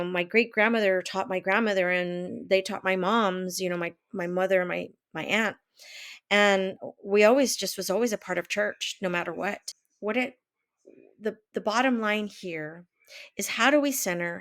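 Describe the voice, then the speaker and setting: A woman's voice: mid-range voice, a bit bright. Rambling woman in her fifties. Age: 50s. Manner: rambling, many fillers and restarts. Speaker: vlogger and life coach. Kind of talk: casual talk to camera. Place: home office.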